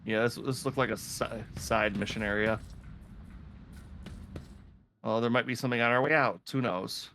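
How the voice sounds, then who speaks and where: A man's voice: medium pitch, moderate pace, long pauses, pushed and bright, a little hiss or hum. A man co-playing a role-playing game in casual chat, talking with small hesitations. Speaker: guest co-player.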